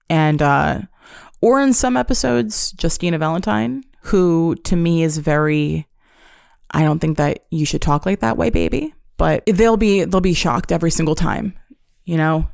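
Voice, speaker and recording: A woman's voice: deep voice, gravelly, a little mellow, clean tone, no room sound, clean studio sound. A woman hosting a solo podcast, recapping a show in a profane, sarcastic, joking way. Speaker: podcast host. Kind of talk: casual solo podcast storytelling.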